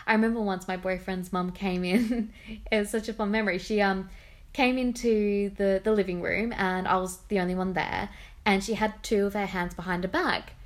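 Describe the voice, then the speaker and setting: A woman co-hosting a casual chat, telling stories in a lively, anecdotal way. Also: mid-range voice, normal speed.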